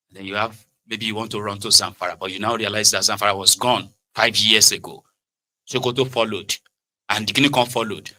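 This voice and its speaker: A middle-aged man with a Nigerian Yoruba accent, hosting a political commentary monologue in an animated way, slipping into Pidgin and Yoruba and acting out quoted exchanges. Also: lowish voice. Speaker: commentary show host.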